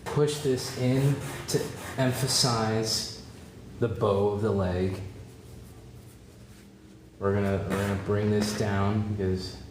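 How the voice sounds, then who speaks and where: A man teaching a drawing demonstration, relaxed and encouraging, thinking aloud as he draws and repeating key points. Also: lowish voice, slow pace, long pauses. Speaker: art teacher. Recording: roomy with faint background noise.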